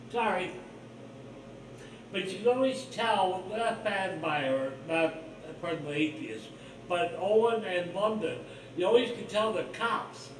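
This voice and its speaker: A man's voice: sits high, fairly bright tone, far from the mic, a little hiss or hum. A man hosting his own livestream, talking in a rambling, blunt, profane monologue full of suspicion. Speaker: livestream host. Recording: roomy echo, voice off-mic, faint ambience.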